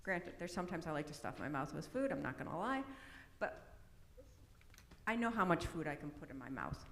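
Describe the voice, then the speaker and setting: A woman's voice: low voice, animated, brisk. A middle-aged woman presenting an autism awareness talk in a conversational way, often checking in with tag questions. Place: church hall. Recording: echoey hall, long reverb.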